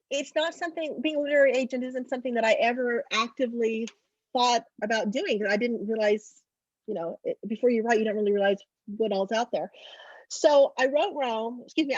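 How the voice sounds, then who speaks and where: A woman in her forties or older, an author and literary agent, telling family stories in a lively way on a video call. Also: a little high, a little fast, no room sound, muffled recording. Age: 40s or older. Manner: animated storyteller, acting out family voices. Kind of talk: virtual fundraiser interview, storytelling.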